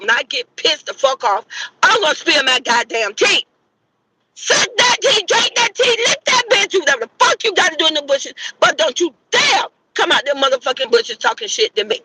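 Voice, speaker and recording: A middle-aged woman hosting her own channel, delivering a furious, profane gossip rant full of shouted rhetorical questions. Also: sits high, background noise. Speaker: channel host. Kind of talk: angry gossip commentary rant.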